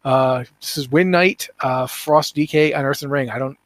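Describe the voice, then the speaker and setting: A man hosting a casual podcast, talking in an animated, rambling way with many restarts. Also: medium pitch, normal speed, no room sound. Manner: animated, rambling, self-interrupting. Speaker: podcast host.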